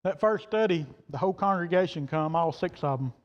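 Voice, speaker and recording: A preacher man with a fairly high voice, telling a folksy story from the pulpit in plain words. His voice rings through a church hall with a long echo, and the sound is dull and muffled. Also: lively intonation, fairly quick. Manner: folksy, plain-spoken, quoting others in turn. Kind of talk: sermon storytelling. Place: church sanctuary.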